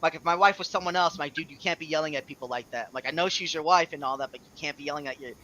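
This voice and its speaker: A man chatting casually on a stream about running his business, swearing freely and telling stories with animated energy. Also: racing, highs cut off, slight background noise. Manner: profane, animated storytelling, voice jumps high when retelling outbursts. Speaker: streamer and small business owner. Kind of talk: casual chat.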